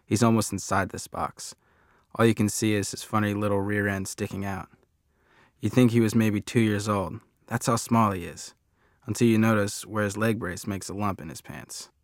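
A man narrates a first-person story with a conversational, wry touch. His voice sits a bit low. The sound is close and dry, like a booth with no room echo. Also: steady tone, normal speed.

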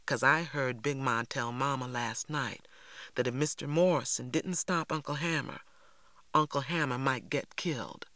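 A man voicing a serious older boy in a storybook, calm and secretive, speaking quietly and steadily. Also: mid-range voice, normal speed, no room sound, close to an everyday voice. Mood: hushed.

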